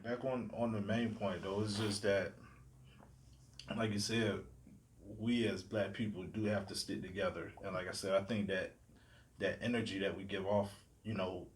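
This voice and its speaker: A man in a casual podcast chat, agreeable and quick to back others up. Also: fairly low pitch, fairly even intonation, slight background noise. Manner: agreeable, lots of affirmations.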